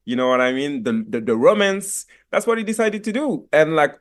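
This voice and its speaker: A young French-accented man speaking on a video call, his voice sitting a touch high for a man. He gropes for words with plenty of fillers and restarts. The sound is fairly close and plain. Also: expressive, fairly quick. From France. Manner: thoughtful, many fillers and restarts. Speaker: actor guest. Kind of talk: radio interview over video call.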